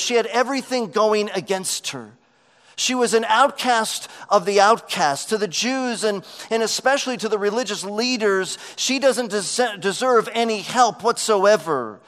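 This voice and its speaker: A man preaching a sermon as pastor, swelling to emphatic peaks and dropping to quiet lows. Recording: long hall reverb.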